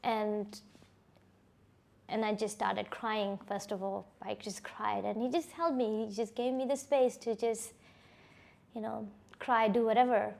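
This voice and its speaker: A woman's voice: medium pitch, fairly even intonation, unhurried, vocal fry, a little mellow. A woman giving a personal testimony, speaking in a reflective, hesitant way with frequent restarts and "you know.". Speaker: survivor sharing her personal story.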